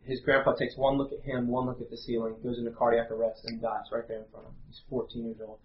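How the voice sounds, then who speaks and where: A man, preaching a sermon in an earnest, halting way with many fillers. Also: mid-range voice, little pitch movement, a little hiss or hum. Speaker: pastor. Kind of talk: sermon with prayer and storytelling. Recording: roomy, slightly dull live recording.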